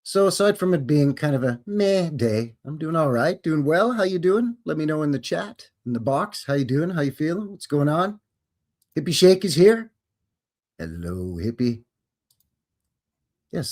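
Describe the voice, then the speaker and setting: A man from Canada hosts a live stream in a folksy, chatty way, greeting his viewers one by one. His pitch swings widely and keeps the talk animated. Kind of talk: casual live-stream chat.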